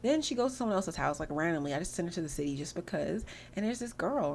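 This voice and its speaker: A woman's voice: on the low side, expressive, quick pace, creaky, few pauses, darkish tone, a little hiss or hum. A woman hosting a gaming channel, giving rambling, chatty commentary over her gameplay.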